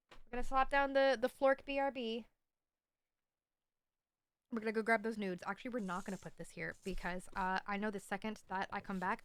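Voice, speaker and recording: A woman's voice: fairly high pitch, a bit bright, clear, resonant tone, no room sound. A woman livestreamer chatting casually to her stream, rambling and playful with a self-mocking edge.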